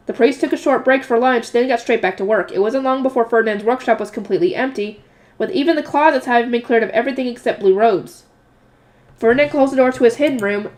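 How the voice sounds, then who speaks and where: A woman's voice: fairly high pitch, a little mellow. A woman reading a light novel aloud with a slightly nasal voice, breaking off into chatty, emotional asides. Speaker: audiobook reader.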